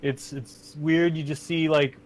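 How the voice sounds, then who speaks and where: A man's voice: on the high side, fairly even intonation. A man narrating a tabletop game as game master, casual and swearing. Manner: casual, swears, voices characters in quick asides.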